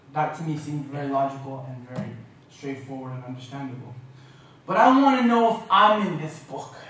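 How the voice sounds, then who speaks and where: Guy from canada giving a talk, kinda high voice, lots of jokes, echoey hall, mic sits far off. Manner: lively, humorous, mimics accents. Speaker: guest speaker. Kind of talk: lecture with jokes. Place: university lecture hall.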